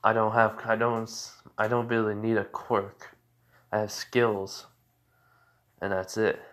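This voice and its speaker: A man's voice: fairly low pitch, flat delivery, unhurried, fairly bright tone. A man doing a casual young hero guild master.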